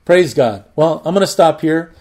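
A man teaching a Bible study as a pastor, talking conversationally with many halting repeats. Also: on the high side, lively intonation, darkish tone.

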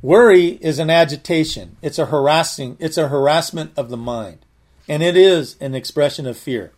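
A man's voice: fairly high pitch, moderate pace, a little mellow. A man giving conversational Bible teaching, earnest, often repeating and restarting his words.

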